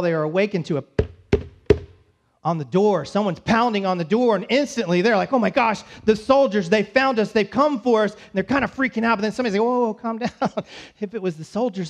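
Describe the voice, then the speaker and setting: High-voiced pastor telling a story. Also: male voice. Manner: storytelling, voices the disciples' panic in quick asides. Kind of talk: sermon. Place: church.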